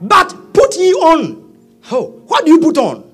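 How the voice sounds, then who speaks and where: A man, preaching a sermon, swinging from quiet asides to shouting. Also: very high-pitched, huge pitch swings, a little slow, faint music behind. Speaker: pastor.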